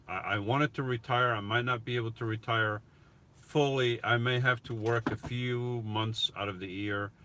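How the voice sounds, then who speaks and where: A middle-aged vlogger livestreams a casual Q&A from his van on a phone, chatting and reading viewer comments aloud as he answers them. His voice is fairly low with a sharp tone, and there's a little hiss or hum.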